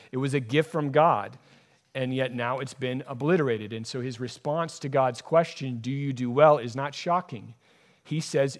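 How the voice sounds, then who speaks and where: A man preaching a sermon as a pastor, driving his points home by repeating key phrases. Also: mid-range voice.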